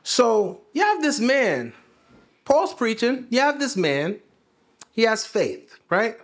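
A man's voice: very high-pitched, sing-song, slow pace. A man preaching a sermon, asking his listeners questions and repeating phrases for emphasis. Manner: conversational, asks the congregation questions. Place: church.

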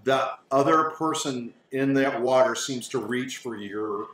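A man narrating a tabletop game as game master in a casual, halting way with many fillers. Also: medium pitch, a bit bright. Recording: roomy, distant mic, faint noise.

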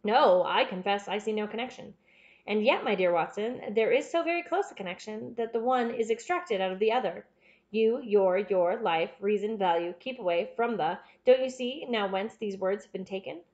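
A woman voicing a keen, confident male detective who explains things in a crisp, measured way. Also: mid-range voice, darkish tone, dull audio, lightly acted. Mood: assured.

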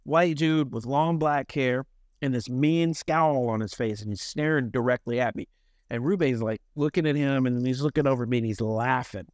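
A man's voice: medium pitch, moderate pace, dry recording, studio quality. Candid storytelling man from Memphis. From Memphis, Tennessee, US. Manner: lively, profane, self-mocking anecdotes. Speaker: guest musician.

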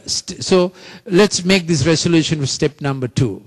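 A man's voice: fairly high pitch, expressive, a little slow. A man preaching a sermon, repeating phrases emphatically and leading the congregation in call-and-response.

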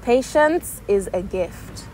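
Animated young woman chatting casually. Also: medium pitch, slow pace, slight background noise. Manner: animated, acts out quoted voices. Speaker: podcast co-host. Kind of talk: casual chat.

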